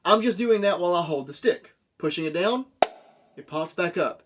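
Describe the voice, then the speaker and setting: A man with a slightly high voice walks students through a drum lesson, breaking each move into small steps and checking in with his class as he goes. Faint drum strikes and clicks sit under his voice. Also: animated, normal speed, background noise. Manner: explains step by step, asks checking questions like "okay?". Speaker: drum teacher. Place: room with a drum. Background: drum hits.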